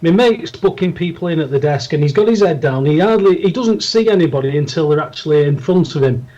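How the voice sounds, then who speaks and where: A man's voice: a little high, animated, fairly quick, warm tone, muffled recording. A man co-hosting a podcast, telling a story in casual chat with lots of restarts. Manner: rambling anecdotes with restarts. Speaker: podcast co-host.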